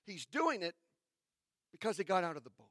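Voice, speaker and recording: A man pastor who reads scripture and then preaches in a conversational sermon, with restarts and dramatic pauses. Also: high-pitched, sing-song, a bit bright, no room sound, clean studio sound.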